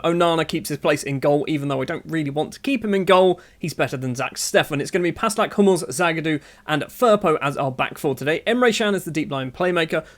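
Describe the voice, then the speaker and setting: A man with a high voice talks through a football management game in a casual, running commentary. He is often exasperated and sarcastic, scolding his virtual players as he goes. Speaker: gaming YouTuber.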